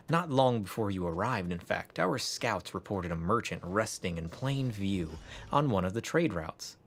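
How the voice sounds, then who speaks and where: A man's voice: on the low side, fairly bright tone, exaggerated voice. A man voicing a stern male military commander from a game, reading the lines plainly. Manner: plainly read game dialogue.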